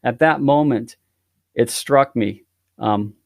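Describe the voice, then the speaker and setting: A man's voice: medium pitch, takes it slowly, vocal fry, no echo. A man who is a guest on a podcast, telling a story in a theatrical way and playing up the drama. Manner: theatrical, exaggerating for effect. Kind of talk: animated storytelling.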